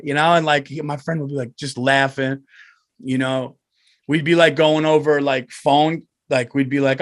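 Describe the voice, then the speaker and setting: A man, telling a rambling, profane story on his podcast and loudly acting out other people's voices. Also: medium pitch, steady tone, moderate pace, no echo, clean studio sound. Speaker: comedian and podcast host. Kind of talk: casual storytelling.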